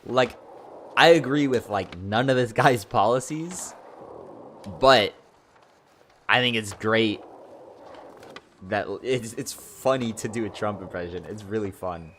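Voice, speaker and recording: A man's voice: lowish voice, a little slow, long pauses, a bit bright, a little hiss or hum. A young man chatting casually on a livestream, rambling and filling his talk with "like" and "you know". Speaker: streamer.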